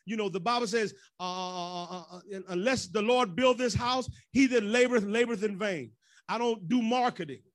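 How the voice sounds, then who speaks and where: A man's voice: high-pitched, moderate pace. A man preaching as pastor in a loose, joking way, slipping into the voices of church folk. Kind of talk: conversational sermon.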